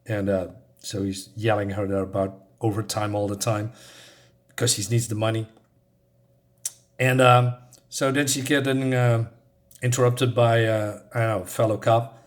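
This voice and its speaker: A man's voice: fairly low pitch, flat delivery, a little slow, pauses often. A man casually walking through a comic book in a review, hesitant with many fillers, and openly enthusiastic about the art and the pacing.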